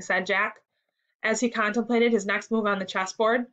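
Teacher voice: woman, mid pitch, clear and measured, reading a class story aloud. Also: a bit bright, dull audio.

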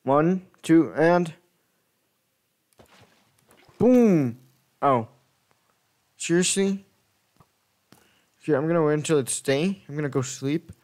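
A man's voice: a little high, unhurried, long pauses, a little mellow. A man giving casual gameplay commentary, rambling and correcting himself as he thinks aloud. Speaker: gaming video creator.

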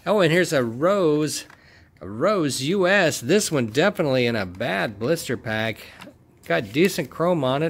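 A man hosting his own collecting video, giving casual, enthusiastic commentary while unboxing and inspecting toy cars. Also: medium pitch. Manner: enthusiastic, exclaims over each find.

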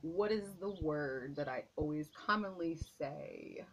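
Indoors at home, a woman vlogger with a low-pitched voice talks to camera, animated but a little slow. She gushes, repeats herself and sounds slightly out of breath, over poor audio with a little hiss or hum.

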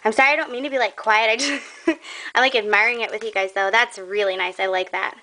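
A woman's voice: medium pitch, fairly even intonation, quick pace, pushed and bright, a little hiss or hum. A young woman showing off a craft trade in a casual vlog, gushing and admiring, a bit out of breath.

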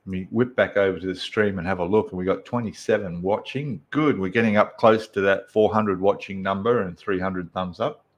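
A man's voice: low-pitched, fairly quick, few pauses, muffled recording. A man with an Australian accent hosting a casual live stream, chatting and greeting viewers one by one.

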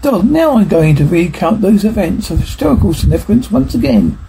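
A man's voice: high voice, big pitch swings, fairly quick, creaky, dark tone, exaggerated voice. A man voicing a pompous, sarcastic, well-spoken male dog that lectures in formal words, reading from a film script. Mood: condescending. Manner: condescending, lecturing, formal wording. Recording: noisy recording with clicks.

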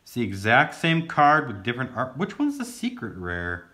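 A man's voice: medium pitch, huge pitch swings, moderate pace, bright, forceful tone. A man casually narrating as he opens card packs, rambling and goofy, now and then breaking into silly sing-song. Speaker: card-opening vlogger. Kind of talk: casual pack-opening commentary.

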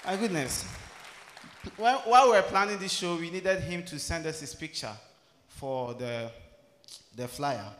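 High-voiced Ghanaian comedian in an echoing theatre. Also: male voice, a faint crowd, slight background noise. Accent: Ghanaian English. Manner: loud, playful, switches into local slang and quick impressions. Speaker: stand-up comedian. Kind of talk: stand-up comedy set. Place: large theatre stage with a live audience. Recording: roomy theatre with long reverb.

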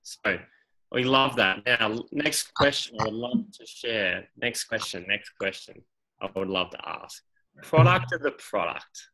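A man's voice: fairly low pitch, animated, unhurried, bright, forceful tone, low-quality recording. A man hosting a team video call in an upbeat, playful way. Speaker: host.

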